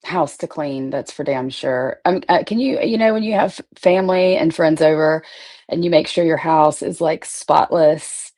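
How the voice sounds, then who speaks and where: A woman talks on her own livestream in a casual, rambling way. Her voice sits a little low, and she greets viewers by name and swears without a second thought. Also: normal speed, warm tone. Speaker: livestream host.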